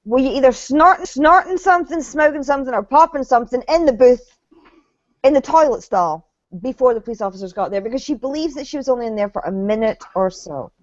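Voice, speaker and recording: A woman in her forties co-hosting a recap show, telling stories in a brash, profane, animated way. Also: sits high, fast talker, dry recording. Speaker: co-host of a reality TV recap show. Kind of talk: casual chat. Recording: dull, lo-fi sound.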